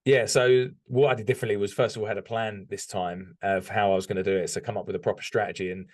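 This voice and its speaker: British male interview guest, lower register, candid and reflective, casual chat. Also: flat delivery, fast talker, a little mellow. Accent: British English. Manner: reflective, candid, frequent restarts and ums. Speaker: podcast guest, business owner.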